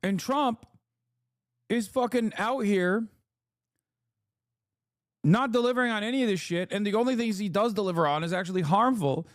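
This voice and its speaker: A man's voice: high voice, normal speed, pauses often, no echo, studio quality. A young man streaming, ranting casually with sarcastic, profane mockery.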